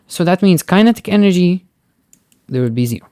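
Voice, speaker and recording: A man's voice: high voice, expressive, fairly quick, mellow, clean tone, no echo, studio quality. A male physics teacher walking through a recorded tutoring lesson step by step, often checking in with "right?" and "okay?" and slipping in Arabic words.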